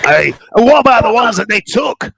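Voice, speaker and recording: A man voicing a tiny, foul-mouthed, furious male mushroom warrior with a put-on Scottish accent, shrill and yelling. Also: sing-song, fairly quick, gravelly, breathy edge, no room sound, heavily acted. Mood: alarmed. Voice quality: shrill, yelling, relentless swearing.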